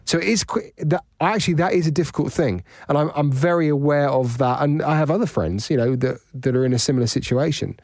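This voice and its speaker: A man co-hosting a podcast in casual chat, jokey and quick to laugh. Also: fairly high pitch, darkish tone, no room sound, studio quality. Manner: chatty, laughs often, jokey. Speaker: podcast co-host.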